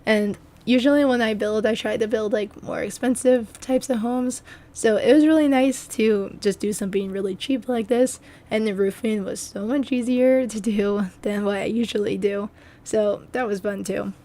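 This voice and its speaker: A young adult woman with a hoarse voice, chatting through a casual, rambling voice-over about her game build. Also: medium pitch, fairly even intonation, normal speed, warm tone. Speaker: video game building creator.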